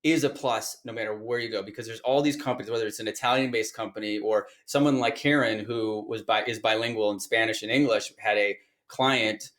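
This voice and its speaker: A man's voice: fairly low pitch, fairly even intonation, a little fast, hardly any pauses, fairly bright tone. A man teaching an online course, talking casually and thinking aloud as he reads through listings on his screen. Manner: chatty, thinks aloud while reading listings. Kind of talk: casual screen-share walkthrough.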